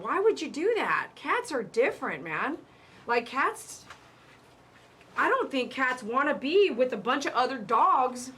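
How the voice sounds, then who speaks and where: A woman's voice: high-pitched, a bit bright, husky. A woman who works as a pet groomer, hosting a live stream in a casual, emphatic way and repeating her warnings with chatty asides.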